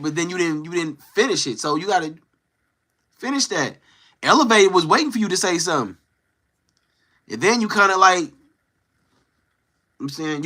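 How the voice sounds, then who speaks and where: Teasing young man with a bright, forceful voice. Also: high voice. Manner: teasing, playful trash talk. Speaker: live streamer talking to chat. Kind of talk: casual live-stream chat.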